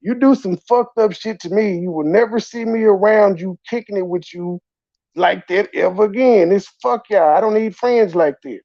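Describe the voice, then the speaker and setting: High-pitched mocking commentator man. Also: moderate pace, mellow, no room sound, highs cut off. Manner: blunt, mocking, mimics others. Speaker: commentary channel host. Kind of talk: profane reaction commentary.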